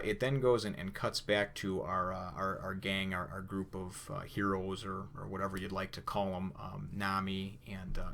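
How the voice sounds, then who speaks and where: A manga reviewer with a low, slightly bright voice casually recaps a comic chapter and comments on it, with a little background noise. He rambles, says "you know" a lot, restarts often, and loosely acts out characters' lines.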